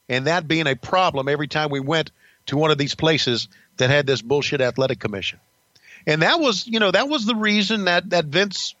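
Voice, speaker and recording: A man's voice: fairly high pitch, bright, forceful tone, no room sound, muffled recording. An older man, a podcast host, telling stories about his career in a blunt, profane, rambling casual way. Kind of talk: casual storytelling.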